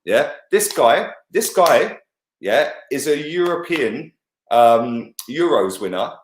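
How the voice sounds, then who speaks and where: A man's voice: mid-range voice, big pitch swings, slow pace, reverberant. A man giving blunt, heated football opinions, peppered with "yeah" and "bruv". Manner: blunt, sweary, keeps saying "yeah" and "bruv". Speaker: co-host football pundit.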